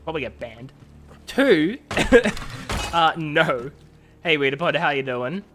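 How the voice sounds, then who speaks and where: A man's voice: fairly high pitch, slow, music in the background. A man streaming a video game, giving sarcastic, rambling live commentary.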